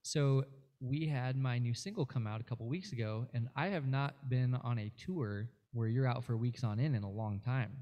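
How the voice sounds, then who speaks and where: A man with a warm, mellow voice at an ordinary pitch, chatting as a guest musician. He tells long, winding stories and fills them with fillers and restarts as he goes. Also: normal speed. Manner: rambling storyteller, many fillers and restarts. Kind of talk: casual interview chat.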